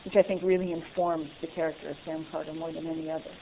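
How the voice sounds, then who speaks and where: A woman's voice: low-pitched, fast talker, noisy background. Woman on a tinny phone-like line. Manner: animated, laughs often, restarts. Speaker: actress being interviewed. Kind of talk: casual interview chat.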